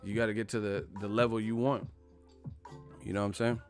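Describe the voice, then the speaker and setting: A man's voice: fairly low pitch, flat delivery, brisk, soft background music. Profane, loose-talking male stream host. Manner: loose, profane, filler-heavy banter. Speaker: boxing live-stream host. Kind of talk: casual live-stream commentary.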